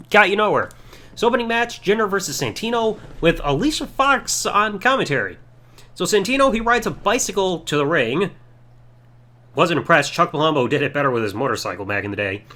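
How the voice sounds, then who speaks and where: A man with a high, lively voice that swings up and down as he talks. He runs through a wrestling show in a casual, sarcastic way and scoffs at whatever he dislikes. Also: fairly quick. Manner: sarcastic, mocking, does silly impressions. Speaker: podcast host reviewing wrestling. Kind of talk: casual solo review.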